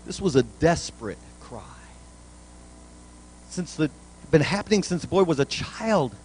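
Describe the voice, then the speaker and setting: A man's voice: on the high side, very animated, unhurried, darkish tone, slight background noise, poor audio. A male pastor preaching a sermon in a church, in a folksy, plainspoken way with colloquial grammar.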